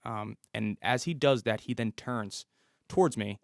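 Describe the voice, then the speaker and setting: Gravelly-voiced police officer telling a story. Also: male voice, fairly low pitch, unhurried, no echo, clean studio sound. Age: 30s. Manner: vivid storyteller who acts out the dialogue. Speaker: police officer, podcast guest. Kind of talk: storytelling interview.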